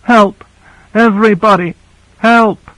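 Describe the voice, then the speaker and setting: A panicked young woman, as a male narrator puts her on, crying out in a shrill, desperate voice from an audiobook. Her pitch sits far above his usual register. The recording is dry and close. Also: a little slow, bright, forceful tone, no room sound, exaggerated voice. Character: frightened young woman trapped, screaming for help. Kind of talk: audiobook character voice.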